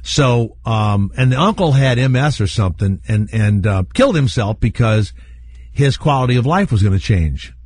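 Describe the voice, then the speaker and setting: A man hosting a talk radio show, rambling through candid stories and laughing at his own dark jokes. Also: mid-range voice, animated, moderate pace, husky. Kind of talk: storytelling talk radio chat. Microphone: studio microphone.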